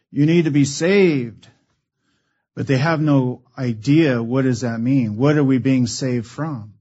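Earnest preacher, dull muffled sound. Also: male voice, mid-range voice, darkish tone. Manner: earnest, asks rhetorical questions. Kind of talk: sermon-like teaching.

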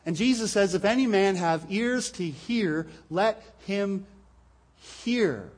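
A man preaching a sermon from the pulpit in a church, explaining earnestly and asking rhetorical questions into a pulpit microphone. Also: high-pitched. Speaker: pastor. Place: church hall.

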